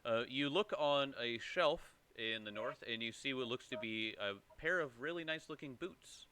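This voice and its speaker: A man narrates a tabletop game as its game master. His delivery is halting, with many fillers and repeated starts. His tone is bright and forward at a middle pitch. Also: smooth.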